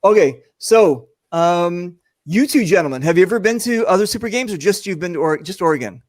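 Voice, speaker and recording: A man's voice: high voice, animated, a little fast, dry recording. A man hosting a casual video-call chat, joking and rambling with lots of fillers. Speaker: host.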